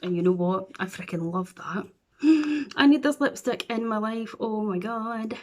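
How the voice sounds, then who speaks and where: A woman's voice: mid-range voice, normal speed. A Scottish woman chatting playfully through a makeup tutorial at home, with silly asides as she works. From Scotland. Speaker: beauty vlogger.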